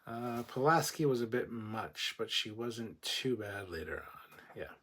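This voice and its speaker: A man's voice: fairly low pitch, expressive, unhurried, a bit bright. A man hosting a casual livestream, reading chat comments aloud and giving blunt, opinionated replies with plenty of swearing.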